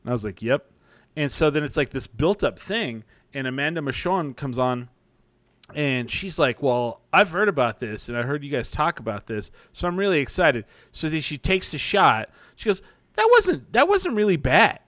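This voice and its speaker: A man's voice: medium pitch, expressive, moderate pace, a bit bright, no room sound. Rambling male stream host. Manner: rambling storyteller, swears casually. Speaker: show host. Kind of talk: casual chat on a stream.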